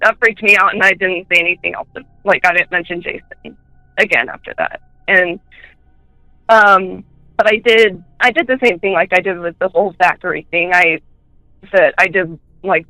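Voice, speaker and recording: A woman telling personal ghost stories in a chatty way, full of fillers, and switching into high voices when she quotes people. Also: steady tone, normal speed, pushed and bright, no echo, faint music behind, poor audio. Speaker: guest.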